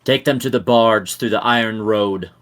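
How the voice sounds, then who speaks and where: A man voicing an imperious male devil lord who speaks in a low, measured, domineering way. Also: fairly bright tone, close to an everyday voice. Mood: commanding.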